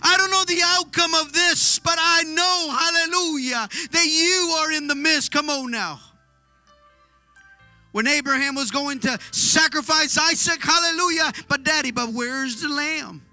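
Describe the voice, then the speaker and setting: A man's voice: very high voice, a little slow, sharp tone, no room sound, soft background music. A man preaching a sermon with fervent exhortation, punctuating his lines with hallelujah and amen.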